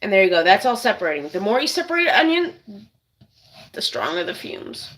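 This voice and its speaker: A woman's voice: medium pitch, sing-song, a little fast, a bit bright, poor audio. A woman hosting a casual cooking demonstration in a kitchen, chatting to viewers as she works. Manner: chatty, keeps addressing viewers as "you guys". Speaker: cooking channel host.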